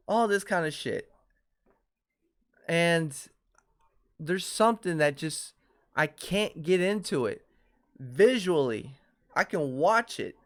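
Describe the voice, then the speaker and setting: A man hosting his own podcast, ranting casually and profanely about shows and movies. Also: high-pitched. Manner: profane, animated ranting with laughs. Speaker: podcast host. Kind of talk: casual solo podcast rant.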